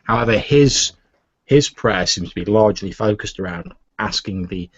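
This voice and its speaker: Deep husky game master. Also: male voice, moderate pace, no echo. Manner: loose, filler-heavy narration. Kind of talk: narrating a tabletop game. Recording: muffled lo-fi recording.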